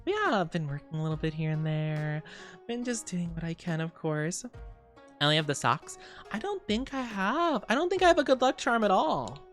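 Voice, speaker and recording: A woman's voice: fairly low pitch, big pitch swings, moderate pace, faint music behind. A young woman streamer chatting casually with her viewers, rambling and giggling often.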